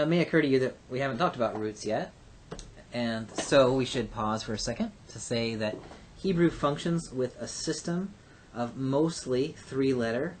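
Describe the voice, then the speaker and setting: A man with a voice of middling pitch gives a recorded language lecture. He works through each rule step by step, pausing often on uh and um. A faint low rumble sits under the recording. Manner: methodical, explains step by step with frequent uh and um. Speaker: Hebrew teacher.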